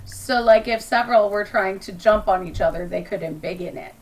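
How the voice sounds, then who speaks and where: A woman's voice: mid-range voice, a little fast, far from the mic, low-quality recording. A woman narrating as game master in a tabletop game, casual and giggly.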